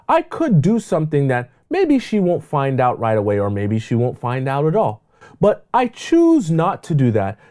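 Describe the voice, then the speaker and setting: A man's voice: fairly high pitch, darkish tone. A man voicing a loyal boyfriend talking himself through temptation in an earnest inner monologue.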